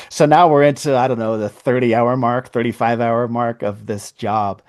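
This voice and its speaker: A man's voice: mid-range voice, steady tone, normal speed, darkish tone. A man who is a podcast guest, telling a long story in casual conversation. He laughs often and acts out the dialogue of the people in it.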